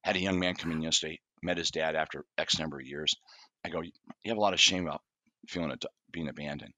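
Deep-voiced, husky therapist man. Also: quick pace, no room sound. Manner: animated storyteller, acts out client dialogue. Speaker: therapist guest. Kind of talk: conversational podcast interview.

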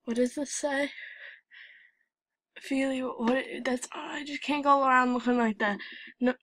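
A woman's voice: high voice, a little slow. Giggly young girl rambling over images. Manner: giggly, rambling, excitable outbursts. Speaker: channel host. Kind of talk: casual commentary while browsing images.

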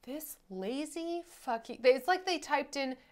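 A woman's voice: high-pitched, lively intonation, a little slow. A woman co-hosting a film review podcast, blunt and sarcastic, swearing freely in casual chat.

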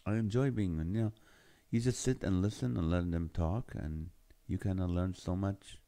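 A man's voice: low voice, moderate pace, warm tone. A middle-aged man hosting a live stream, reading viewer comments aloud in casual chat and laughing often at the jokes. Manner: laughs often, jokey and playful. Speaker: live show host.

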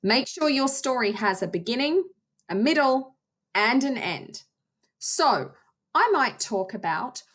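Slow, careful female drama teacher. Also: a little high, sing-song, a bit bright. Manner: enunciates carefully, demonstrating for small kids. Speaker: theatre arts teacher. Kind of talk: recorded lesson for young children.

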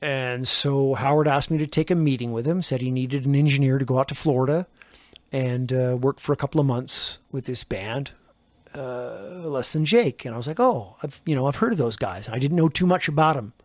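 A man of middle pitch recounts his studio days in a loose, rambling way, acting out the dialogue along the way. The sound is close and dry, with no room around it. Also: moderate pace, no room sound. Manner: rambling, animated anecdotes with acted-out quotes. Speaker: record producer and engineer guest. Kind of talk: casual interview storytelling.

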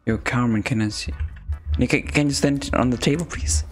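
A man's voice: medium pitch, moderate pace, faint music behind. A man chatting over game voice chat, full of crude jokes and playful trash talk. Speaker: gamer streaming voice chat.

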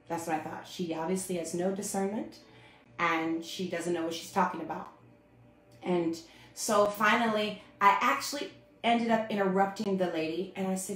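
Animated woman telling her testimony. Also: lowish voice, normal speed, echoey room. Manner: animated storytelling. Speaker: speaker sharing her testimony. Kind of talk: personal testimony on a livestream.

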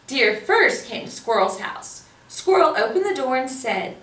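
A bright, high-pitched woman reading picture books to children at a library storytime, sing-song and encouraging. She talks slowly, and her voice sounds roomy and a little far from the mic. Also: big pitch swings, slight background noise. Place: library room. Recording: roomy, voice from a distance.

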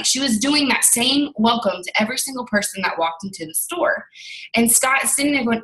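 Chatty bright-voiced young woman. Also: a little high, brisk, far from the mic, low-quality recording. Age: young adult. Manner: chatty, candid, acts out dialogue. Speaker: network marketing team leader. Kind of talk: motivational talk with storytelling.

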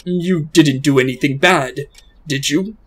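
A man reading a father's lines aloud from a story game in a soft, hesitant way. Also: a little high, measured pace, slightly rough.

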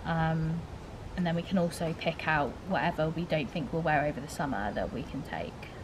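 A woman's voice: low-pitched, normal speed, slight background noise. A young woman chatting casually for a vlog, talking through plans step by step. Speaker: vlogger.

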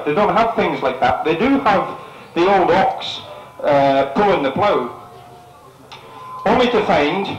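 A man's voice: sits high, noisy background. A man from the northeast coast, a concert compere telling cheeky jokes and laughing at his own lines. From northeast coast of Scotland. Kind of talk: stand-up joke telling at a live concert. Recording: echoey hall with loud crowd. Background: audience laughter.

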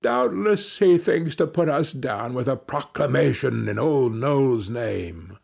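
A man doing a mocking colonial gentleman. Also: medium pitch, animated, slow pace, gravelly, husky, heavily acted. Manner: mocking, condescending.

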